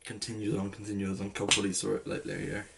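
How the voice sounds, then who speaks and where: This young English man in his late teens speaks quickly in a lowish, creaky voice with a completely flat delivery. A vlogger, he rambles through a casual story, saying "like" often and restarting a lot, over very heavy noise.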